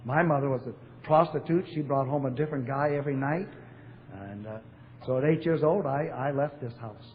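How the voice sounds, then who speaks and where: A man's voice: mid-range voice, a little fast. An older man from Portland, Oregon, giving a blunt, wry recovery talk to a convention audience in a large hall. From Portland, Oregon, USA. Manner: storytelling, blunt, wry humor with fillers. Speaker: AA speaker. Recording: echoey hall, phone-like narrow sound, faint hiss.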